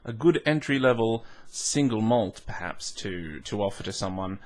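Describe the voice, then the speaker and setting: A man's voice: on the low side, lively intonation, moderate pace. A man hosting a casual tasting vlog, musing aloud with hums, restarts and self-mocking asides. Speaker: whisky reviewer.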